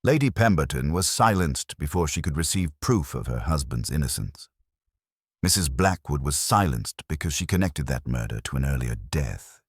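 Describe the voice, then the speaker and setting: A fastidious older detective, read by a man, probing in a measured, precise way. The voice sits extremely low with a husky grain and moves with lively pitch. The sound is close and dry. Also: no room sound, exaggerated voice.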